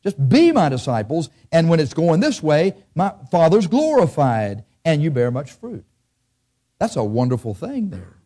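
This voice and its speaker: A man's voice: on the high side, very animated, measured pace, dark tone. A man preaching a sermon in a church, speaking conversationally and asking his listeners frequent questions.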